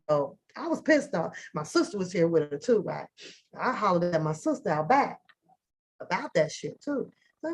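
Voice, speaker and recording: A middle-aged woman, hosting a live talk stream and telling a loud, profane, animated story with lots of laughter. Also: medium pitch, moderate pace. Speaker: host of a live panel talk show.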